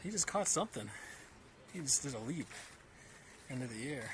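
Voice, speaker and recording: A man streaming from a wooded backyard, chatting in a loose, joking, foul-mouthed way. His voice sits at an ordinary middle pitch. Loud outdoor noise runs under everything he says. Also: lively intonation, normal speed, pauses often. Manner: rough-spoken and joking, with frequent swearing. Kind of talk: casual outdoor livestream chat.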